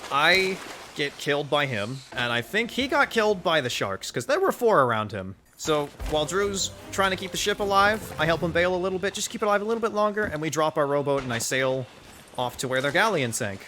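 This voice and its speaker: A young man recounting a gaming mishap as casual commentary, animated and joking, with the odd swear. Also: fairly high pitch, fairly quick. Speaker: gamer telling a story.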